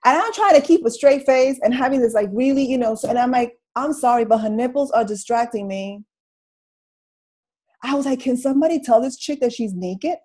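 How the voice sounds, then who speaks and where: A middle-aged woman telling her story on a video call, in a comical, slangy, animated way. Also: a little high, fairly quick, poor audio. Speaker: guest speaker sharing her story. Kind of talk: casual motivational talk on a video call.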